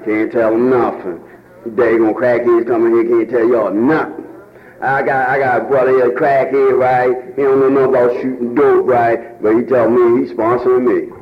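A man with a Baltimore accent speaking at a recovery meeting, preaching about hope and rising to shouts near tears. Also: mid-range voice, flat delivery, normal speed, narrow, tinny audio. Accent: African American Vernacular English, Baltimore. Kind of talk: impassioned testimony. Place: meeting room.

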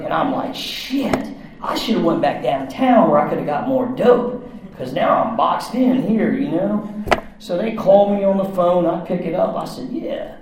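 Man, fairly high voice, gritty profane storyteller, very roomy echo. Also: expressive, measured pace, a crowd in the background. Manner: rough-edged, profane, talks in run-on bursts. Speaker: storyteller recounting his past. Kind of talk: candid personal story. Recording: very echoey room.

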